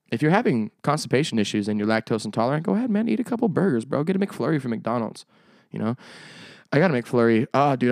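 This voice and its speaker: A young man hosts his own podcast in loose, rambling chat, swearing freely and joking as he goes. His voice is smooth and resonant, and the sound is close and dry with no room echo. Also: lowish voice. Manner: rambling, profane, jokey. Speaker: podcast host. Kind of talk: casual solo podcast chat.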